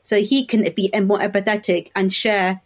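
A woman's voice: medium pitch, level tone, normal speed. Woman in her forties, podcast guest, chatty, laughs through her stories. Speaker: optometrist guest. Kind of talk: podcast conversation.

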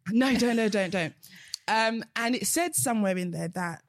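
A British woman, a coach and podcast guest, chatting lively and laughing often. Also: fairly high pitch, normal speed, dry recording, studio quality. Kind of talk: casual podcast chat.

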